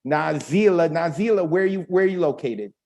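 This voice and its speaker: Man, higher voice, playful open mic host, joking asides, video call. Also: lively intonation, brisk. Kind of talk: lively casual hosting on a video call.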